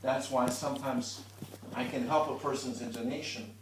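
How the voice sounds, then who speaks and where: A man's voice: medium pitch, fairly even intonation, moderate pace, background noise. Man teaching violin in a roomy space. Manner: patient, explains with demonstrations and restarts. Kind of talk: one-on-one instruction. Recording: roomy, from a distance.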